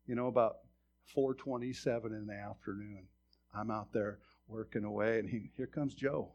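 A pastor in his fifties, with a medium-pitched voice and a slightly fast pace, preaches a sermon while telling a personal story conversationally. He stammers and restarts words often, swinging from loud preaching to quiet asides.

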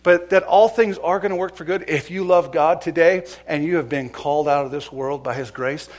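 Middle-aged man, pastor preaching a sermon, fairly high voice, swings from loud urgency to hushed storytelling. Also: moderate pace.

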